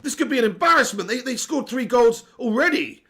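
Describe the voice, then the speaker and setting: During a live football watch-along, a bright, high-pitched young man rants in a voice that sounds strained and sore, gravelly and husky. He talks fairly quickly with lively intonation, returning again and again to the same complaint in exasperation.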